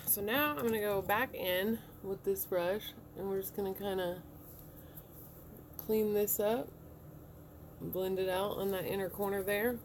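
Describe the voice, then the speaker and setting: A woman's voice: medium pitch, moderate pace, background noise. Chatty woman talking through her makeup. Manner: chatty, relaxed, talks through each step. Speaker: beauty vlogger. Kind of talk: casual makeup tutorial talk. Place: home room.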